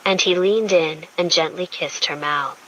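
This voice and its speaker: A woman reading a romance audiobook in a smooth, intimate storytelling manner. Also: fairly low pitch, unhurried, fairly bright tone, poor audio. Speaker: audiobook narrator. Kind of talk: scripted romance narration.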